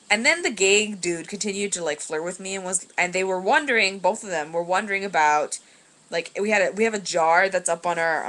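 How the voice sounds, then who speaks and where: Young woman vlogger, slightly low voice, loose filler-heavy storytelling, webcam at home. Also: a bit bright. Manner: rambling, filler-heavy, laughs while telling. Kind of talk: casual storytelling vlog.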